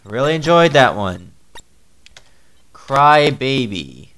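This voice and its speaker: A man's voice: mid-range voice, big pitch swings, unhurried, fairly bright tone, faint music behind, poor audio. A man reviewing a video game with crude, sarcastic, mocking commentary. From Newfoundland, Canada.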